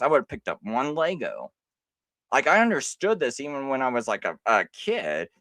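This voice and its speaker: A male livestream host with a sarcastic, mocking edge, laughing as he argues. His pitch moves all over the place, rising high in disbelief and dropping low. The sound is dry and close. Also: huge pitch swings, normal speed, fairly bright tone, dry recording. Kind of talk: livestream rebuttal commentary.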